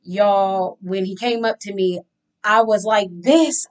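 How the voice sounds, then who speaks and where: A woman recounting a personal story straight to her viewers, chatty and unhurried. She drops into the voices of the people in her story as she tells it. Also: medium pitch. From Louisiana. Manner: chatty, animated retelling with acted-out dialogue. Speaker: vlogger. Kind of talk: candid storytelling to camera.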